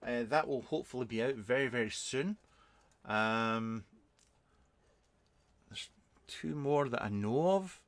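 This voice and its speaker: A man's voice: medium pitch, measured pace, pauses often, no echo. A man, a reviewer hosting a casual live stream, answering viewers in a rambling, chatty way with many ums and restarts.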